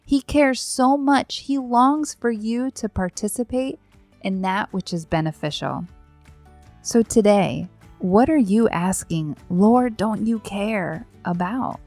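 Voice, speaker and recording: A woman's voice: mid-range voice, slow, darkish tone, soft background music. A middle-aged woman hosting a devotional podcast, speaking in an earnest, reflective way with rhetorical questions and repeated phrases. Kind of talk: devotional talk.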